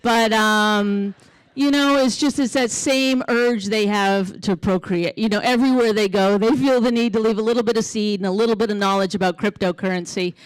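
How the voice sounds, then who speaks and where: Woman comic doing stand-up, deadpan jokes, smooth clear voice, mic right up close. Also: mid-range voice, moderate pace, no room sound, rough recording. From Canada. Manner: deadpan, self-deprecating, chatty with the crowd. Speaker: stand-up comedian. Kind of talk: stand-up comedy set. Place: theater stage before a live audience.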